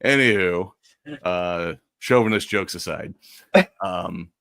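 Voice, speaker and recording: A man's voice: sits low, slow, gravelly, fairly bright tone, no room sound. A man co-hosting a live stream in casual chat, with dry sarcastic remarks.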